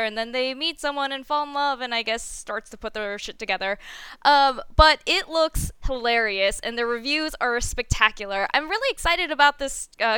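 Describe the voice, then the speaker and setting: A woman's voice: fairly high pitch, sharp tone, smooth, dry recording. A woman co-hosting a casual movie chat, tossing in dry, sarcastic quips. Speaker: podcast co-host.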